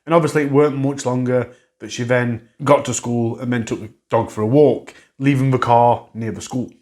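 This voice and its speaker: A man's voice: mid-range voice, steady tone, moderate pace, darkish tone. Man recapping a case. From England. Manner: conversational, recapping and correcting himself, regional grammar. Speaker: true crime channel host. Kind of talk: solo true crime update monologue.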